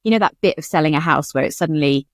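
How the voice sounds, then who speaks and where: A woman's voice: low-pitched, racing, no room sound, studio quality. A woman co-hosting a writing podcast in casual chat, candid and chatty. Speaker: podcast co-host.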